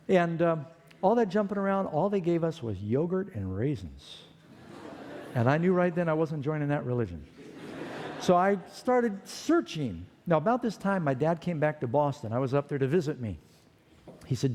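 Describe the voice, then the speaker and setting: Animated male preacher telling his story. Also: on the high side, normal speed, big-room sound. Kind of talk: storytelling sermon testimony.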